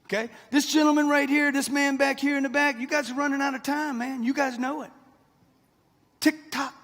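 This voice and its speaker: A man's voice: very high-pitched, fairly even intonation, fast talker, fairly bright tone. A man in his sixties giving a live motivational speech to a crowd, brash and punchy, speaking straight at the audience. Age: 60s. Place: large hall with live audience. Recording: long hall reverb.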